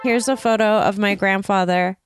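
A woman's voice: medium pitch, steady tone, moderate pace, over loud music. A woman co-hosting a casual comedy podcast, dropping dry, brief quips and running the segments. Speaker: podcast co-host.

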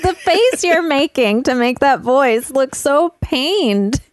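A woman's voice: high-pitched, lively intonation, slow pace, background noise. A woman co-hosting a casual comedy podcast, introducing guests with playful teasing. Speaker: podcast co-host.

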